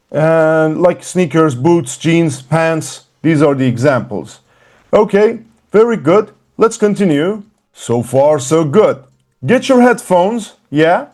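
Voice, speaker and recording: A man teaching an English class, slow and emphatic, repeating words for learners. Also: a little high, darkish tone. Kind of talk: classroom lesson.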